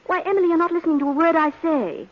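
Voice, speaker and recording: A woman playing a witty, teasing unmarried woman in an old radio drama, with a husky voice. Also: very high-pitched, racing. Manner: teasing, lively, conversational. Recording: dull vintage radio recording.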